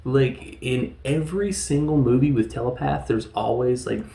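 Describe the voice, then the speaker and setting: A man recapping a film in a loose, rambling way, cracking jokes and laughing at the plot. His voice sits at an ordinary pitch for a man. The room around him is echoey. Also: moderate pace, gravelly, dark tone. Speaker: film reviewer. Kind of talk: casual movie recap.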